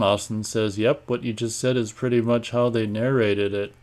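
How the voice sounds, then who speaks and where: A man hosting a live online show, chatting casually and reading viewer comments aloud in a rambling, offhand way, often clearing his throat. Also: lowish voice, level tone, normal speed, darkish tone. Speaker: host of a live online radio stream.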